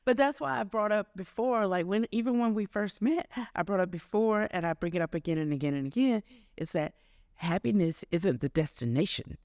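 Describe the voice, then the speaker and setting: A man with a high voice co-hosting a podcast, thoughtful and steering the talk, laughing easily. The room is dry, with no echo. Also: a little fast, a little mellow. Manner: guiding, reflective, laughs easily. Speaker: podcast co-host. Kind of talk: casual chat.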